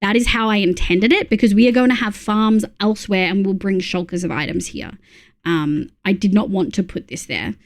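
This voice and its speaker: A woman's voice: medium pitch, normal speed. An Australian woman streaming, giving casual, rambling commentary while playing, with plenty of fillers and restarts.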